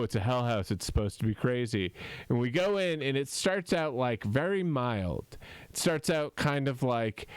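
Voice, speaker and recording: A man telling a rambling story in a casual livestream chat, halting and full of fillers, perking up when he quotes people. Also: medium pitch, clear, resonant tone, dry recording. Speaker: comedy group member on a livestream.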